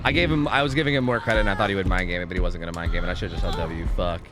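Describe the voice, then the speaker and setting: A young man streaming gameplay, swearing a lot and swinging between shocked yells and low mumbled asides. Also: fairly even intonation, rapid-fire. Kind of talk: live gameplay commentary. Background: game music.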